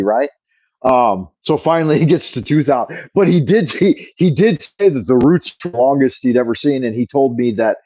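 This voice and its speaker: A man's voice: a little high, a little mellow, dry recording. A man hosting a livestream, telling an exaggerated, profane story in a rambling way over a wireless earbud mic. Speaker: livestream host. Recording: dull dry earbud mic sound.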